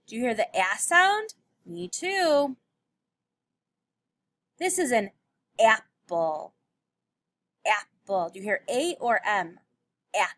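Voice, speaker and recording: A woman's voice: fairly high pitch, a bit bright. A woman teacher giving a recorded phonics lesson to young children, patiently sounding out letters and words.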